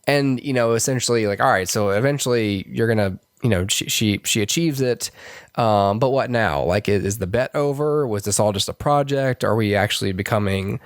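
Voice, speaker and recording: A man's voice: moderate pace, clean tone, no room sound. Rambling podcast man, dry close mic. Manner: rambling, many restarts and fillers, puts on high voices to quote characters. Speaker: podcast co-host. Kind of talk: casual movie review chat.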